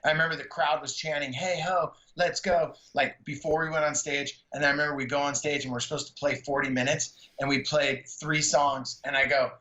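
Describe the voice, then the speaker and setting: A middle-aged man from the San Francisco Bay Area tells stories in a casual, slangy way and keeps acting out quotes in a raised voice. His voice sits a little high and sounds bright and forceful. The recording has a roomy echo and a slightly dull tone. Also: flat delivery, a little fast, hardly any pauses. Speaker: stand-up comedian and podcast guest. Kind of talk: casual storytelling interview.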